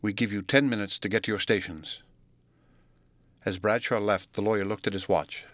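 A man narrating an audiobook of a classic novel in a measured, steady manner. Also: lowish voice, dry recording. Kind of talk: scripted narration.

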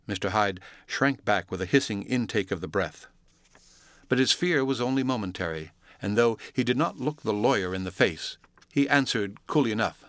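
A man reading a classic novel aloud as narrator, in a steady, measured, formal manner. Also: on the low side, dry recording. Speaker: audiobook narrator.

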